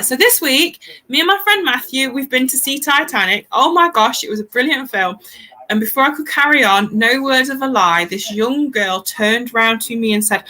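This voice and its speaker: A woman's voice: mid-range voice, sharp tone, poor audio. A woman in her thirties, hosting a casual talk show and telling a rambling story, laughing often. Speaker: podcast host. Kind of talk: casual chat.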